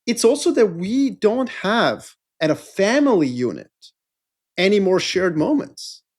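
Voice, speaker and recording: A man's voice: sits high, big pitch swings, unhurried, slightly rough. A middle-aged man co-hosting a podcast in a casual, rambling, jokey chat. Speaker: podcast co-host.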